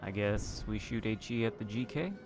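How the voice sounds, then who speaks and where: Low-voiced man muttering over gameplay. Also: moderate pace, music in the background. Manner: chatty, muttering asides to himself while playing. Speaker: gaming video host. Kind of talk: casual gameplay commentary.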